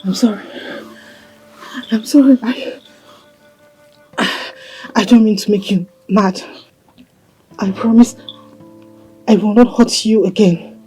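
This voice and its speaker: A woman playing a seductive, possessive female marine spirit princess, coaxing and commanding in a husky voice. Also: medium pitch, steady tone, slow pace, long pauses, dark tone, faint music behind. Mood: apologetic. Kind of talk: film drama acting.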